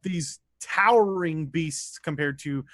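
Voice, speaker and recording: A man narrating as dungeon master in a streamed tabletop game, describing combat in a lively, descriptive way. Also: on the high side, slow, no echo.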